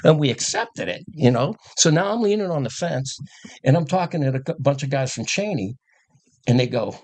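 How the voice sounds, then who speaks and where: An older man with a husky, slightly breathy voice recounts old coaching stories in a relaxed podcast conversation. He talks casually and acts out the lines of the people in his stories, laughing as he goes. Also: medium pitch, moderate pace. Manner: animated storyteller who acts out quotes and laughs. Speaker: guest, former coach.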